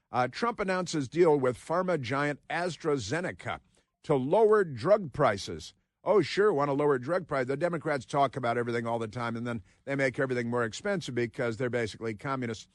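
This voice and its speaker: A man's voice: medium pitch, no echo, studio quality. A man hosting a talk radio show, rambling sardonically between headlines he reads aloud.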